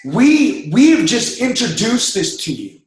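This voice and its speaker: A man's voice: very high-pitched, sing-song, slow. A man giving an emphatic motivational talk to a group, coaching them to drop doubt. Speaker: motivational speaker. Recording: echoey room.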